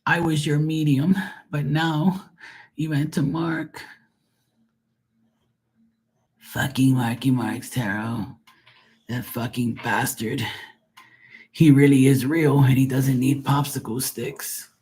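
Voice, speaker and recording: A man's voice: medium pitch, little pitch movement, slow pace, a little mellow, slightly rough. A man doing a chalky-voiced smoker psychic lady. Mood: bitter. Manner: crude, boastful and bitter. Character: chain-smoking middle-aged woman psychic, petty and resentful.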